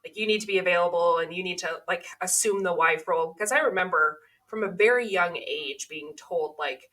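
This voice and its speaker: A woman's voice: lowish voice, brisk, fairly bright tone, poor audio. A woman podcast host from California telling stories in a chatty, casual way, laughing as she goes. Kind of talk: casual conversation.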